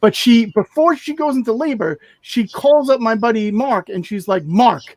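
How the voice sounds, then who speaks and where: A man co-hosting a podcast, telling a long personal story in a casual, animated way and acting out the people he quotes. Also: moderate pace, no echo, rough recording. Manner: animated, acts out quotes with raised pitch. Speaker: podcast co-host.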